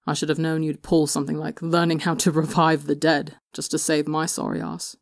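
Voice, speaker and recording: A woman voicing a weary, remorseful young man who speaks quietly and sheepishly. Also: on the high side, level tone, fairly quick, creaky, no room sound, clean studio sound. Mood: subdued.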